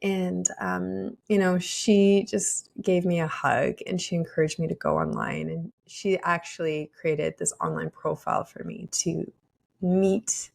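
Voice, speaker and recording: Young woman, podcast host, low voice with gravelly fry, earnest confiding storyteller. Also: fairly even intonation, measured pace, darkish tone. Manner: earnest, confiding, with many "like" and "you know". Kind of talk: personal storytelling.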